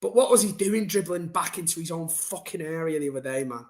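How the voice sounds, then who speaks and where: A man's voice: a little high, expressive, fairly quick. A young man ranting bluntly and casually to his chat during a football live stream, swearing and using slang.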